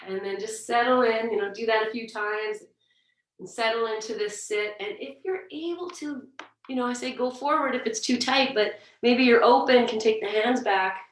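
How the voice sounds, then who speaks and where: A woman teaching a yoga class, giving gentle, encouraging, relaxed cues as she demonstrates the poses. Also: a little high. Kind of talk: guided yoga class instruction. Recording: echoey room, mic far off.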